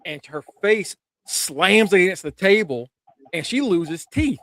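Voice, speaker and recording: A man casually recapping a TV episode, animated, swearing and laughing as he retells scenes. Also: sits high, slow, no room sound. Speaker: podcast co-host. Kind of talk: casual review chat.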